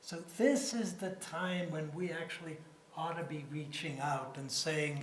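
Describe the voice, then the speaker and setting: A man in his seventies delivers a public lecture in a fairly high voice. He speaks in a measured, conversational way, often repeating a word before moving on. The sound is roomy, like a lecture hall. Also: steady tone, a little hiss or hum. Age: 70s. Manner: measured and conversational, with frequent "you know" and repeated words. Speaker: guest lecturer on nuclear security.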